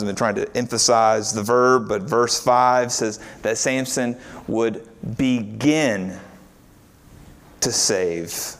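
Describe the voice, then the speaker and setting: A man preaching a sermon in a conversational way, often asking his listeners rhetorical questions. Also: medium pitch. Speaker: pastor.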